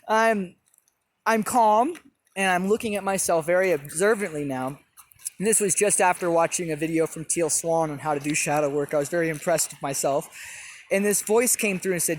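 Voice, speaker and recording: A young man earnestly recounting personal experiences in an animated, casual way. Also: high voice. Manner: earnest, animated, with quick bursts. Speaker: storyteller. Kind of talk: personal testimony.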